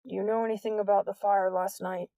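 A woman voicing a calm, tired male police sergeant in an audiobook. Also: mid-range voice, fast talker, dry recording, recorded from a distance, natural voice. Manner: calm, gentle.

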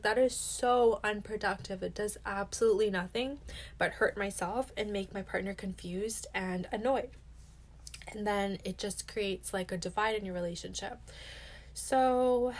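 A young adult woman hosting a self-help podcast, talking candidly and casually, filling her speech with "like" and swearing now and then. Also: medium pitch. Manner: chatty, heavy use of "like", candid and swears casually. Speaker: podcast host.

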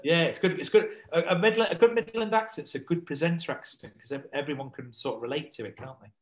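A man's voice: fairly high pitch, big pitch swings, fast talker, low-quality recording. A man chatting as a podcast guest, rambling with lots of fillers and restarts. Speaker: podcast guest, survival instructor. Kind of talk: casual podcast chat.

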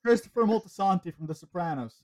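Podcast host rambling through a story, mid pitch, lots of restarts. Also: lively intonation, fast talker, darkish tone. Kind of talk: casual chat.

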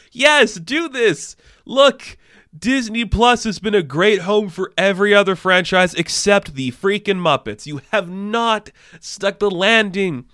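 A man runs through entertainment news in a loose, excitable way, swearing now and then as his enthusiasm builds. His voice is smooth and clear. It is recorded close and dry. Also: high-pitched, no room sound. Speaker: movie news host. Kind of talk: casual entertainment news commentary.

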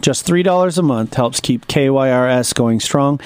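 A man reading a plain, even announcement for a radio station. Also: medium pitch, normal speed, hardly any pauses, no echo.

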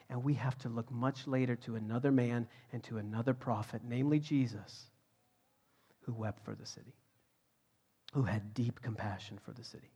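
A man preaching a sermon, swinging from loud, emphatic lines to hushed, whispered passages. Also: medium pitch, normal speed. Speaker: pastor.

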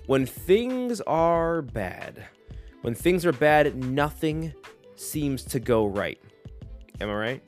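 A man around thirty hosting a solo podcast, rambling in a jokey, animated way. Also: a little high, takes it slowly, soft background music. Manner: rambling, animated, jokey, slips into silly voices. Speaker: podcast host.

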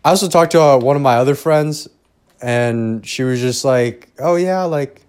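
A man's voice: medium pitch, moderate pace. A young man hosting a podcast alone, rambling casually with lots of swearing and self-deprecating asides. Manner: profane, self-deprecating, trailing off. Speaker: podcast host. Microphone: headphones and home recording setup.

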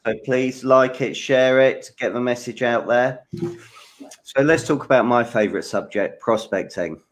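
A man from the United Kingdom hosting a live interview show, asking brisk questions and thanking his guest. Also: mid-range voice, poor audio. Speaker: host.

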